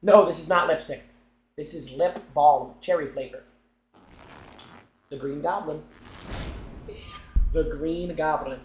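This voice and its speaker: A young man live-streaming, chatting loudly and excitedly to his viewers while he opens game packs. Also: on the high side, slow pace, pauses often, reverberant. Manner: excitable, loud, chanting and talking to chat.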